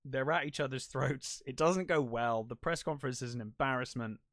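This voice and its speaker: A man talks through a movie plot alone on his podcast in an easy, meandering way. He swears often and mocks himself now and then. His voice sits at an ordinary male pitch, and the recording is dry and close. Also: a little fast, fairly bright tone, no room sound. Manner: rambling, profane and self-deprecating. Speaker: podcast host. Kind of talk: casual solo movie review. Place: lives in the United Kingdom.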